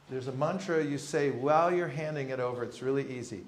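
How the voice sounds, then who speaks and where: Here a mid-range male voice runs a little fast with hardly any pauses, and a faint hiss or hum sits under the recording. He's a seminar teacher addressing a live crowd in a spacious, reverberant temple hall, humorously acting out street encounters.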